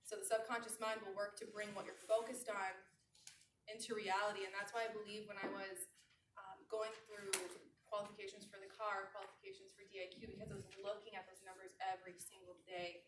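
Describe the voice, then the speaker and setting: A woman in her thirties delivers a lively motivational training talk to a room of listeners. She leans on repetition and slows down for the lines she wants written down. Her handheld mic sits away from her mouth, so the voice sounds distant and roomy, with a faint hiss underneath. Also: medium pitch. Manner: animated, repeats key phrases slowly. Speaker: sales trainer. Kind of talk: motivational talk to a live audience. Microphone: handheld mic held away from mouth.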